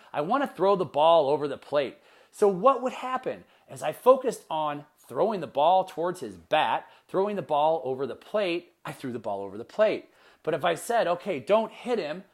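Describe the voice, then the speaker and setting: A man hosting his own motivational podcast, talking with punchy energy and firing off repeated rhetorical questions. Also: on the high side. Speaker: podcast host and life coach.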